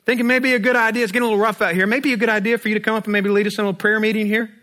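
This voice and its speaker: A worried sea captain, as a man puts him on, coaxing and casual in a high, lifted voice. The tone rises well above plain speech and the pace runs a little quick. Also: level tone, sharp tone. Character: rough-edged sea captain man, polite but worried.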